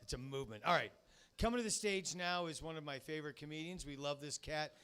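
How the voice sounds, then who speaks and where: A man hosting a comedy night in a bar, rambling and excitable, shouting introductions. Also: fairly high pitch, fast talker, clear, resonant tone. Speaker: host. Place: comedy bar, live audience.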